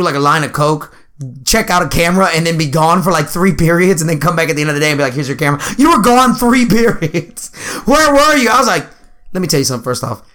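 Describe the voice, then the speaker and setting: A young man in casual chat, laid-back and quick to laugh, swearing freely. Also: on the high side, fairly bright tone.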